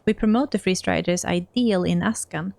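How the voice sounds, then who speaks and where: A woman's voice: on the low side, moderate pace, vocal fry, darkish tone, no room sound. A Swedish woman reading a sly orc trade agent. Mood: matter-of-fact. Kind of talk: reading game dialogue aloud.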